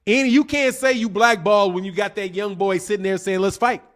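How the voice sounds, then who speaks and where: A man's voice: high voice, steady tone, a little fast, fairly bright tone. A man giving casual livestream commentary on boxing, reading chat comments and answering them in a blunt, heated, slang-heavy way, often repeating his points.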